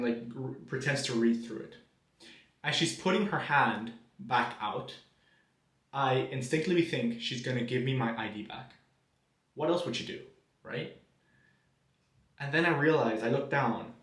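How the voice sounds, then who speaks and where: A man's voice: mid-range voice, a bit bright, roomy sound. A young man from Mexico, telling a personal story to camera in a self-deprecating way, with hesitant restarts. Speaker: vlogger.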